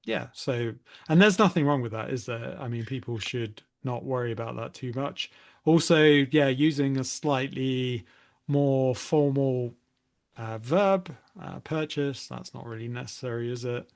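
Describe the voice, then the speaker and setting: A man's voice: mid-range voice, a little slow, gravelly. A man co-hosting a casual English-learning podcast, conversational and hedging, often ending with tag questions. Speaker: podcast co-host, English teacher.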